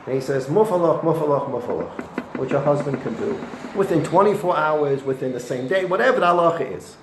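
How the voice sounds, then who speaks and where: Rabbi teaching in an echoey room. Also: male voice, fairly high pitch, a little fast. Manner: animated storytelling with Hebrew and Yiddish terms. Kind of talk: weekly Torah lesson. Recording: echoey room with faint noise.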